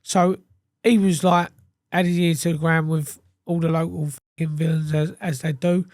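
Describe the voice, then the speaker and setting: A man's voice: a little high, flat delivery, normal speed, a little mellow, dry recording, clean studio sound. An English man, a podcast guest, telling his story casually with heavy swearing and acted-out quotes. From England. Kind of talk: candid storytelling interview.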